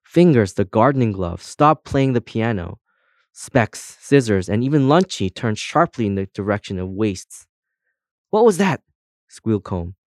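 A man narrating a storybook in a steady, measured way. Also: on the low side, no room sound, studio quality. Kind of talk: storybook reading.

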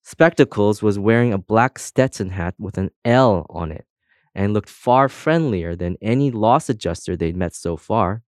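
A man narrating a children's storybook in a steady, scripted reading. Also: on the low side, unhurried, dry recording, studio quality. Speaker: audiobook narrator.

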